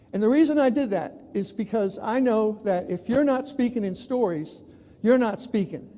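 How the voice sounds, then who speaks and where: Animated storyteller man in an echoey hall. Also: high-pitched. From New York City. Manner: animated, acts out other people's voices. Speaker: keynote speaker, newspaper columnist. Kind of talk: storytelling conference talk. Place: large conference hall. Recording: echoey hall with long reverb.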